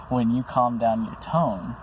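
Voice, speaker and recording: A man's voice: mid-range voice, darkish tone, a little hiss or hum, low-quality recording. A man speaking about his own experiences in an earnest, rambling monologue, full of restarts and fillers. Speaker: vlogger. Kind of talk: personal monologue to camera.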